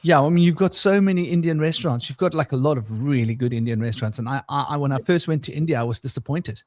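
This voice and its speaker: A man with a somewhat high voice hosts a loose podcast conversation. He rambles, stumbles over his words and chuckles between thoughts. The sound is dry and close, with no room around it. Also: fast, darkish tone, no echo. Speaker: podcast host. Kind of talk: casual chat.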